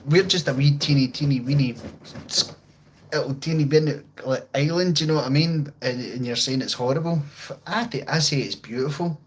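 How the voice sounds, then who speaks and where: A man's voice: a little high, normal speed, low-quality recording. A man with a Glaswegian Scottish accent chatting on a live stream, rambling and swearing in a jokey, laid-back way while reading out viewers' comments. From Scotland, outskirts of Glasgow. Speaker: livestreamer. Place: at home with guitar and amp.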